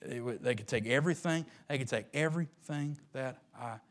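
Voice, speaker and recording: A man preaching a sermon with passion, rising to loud peaks and dropping to hushed murmurs. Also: mid-range voice, brisk. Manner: impassioned, swinging from loud rises to hushed murmurs.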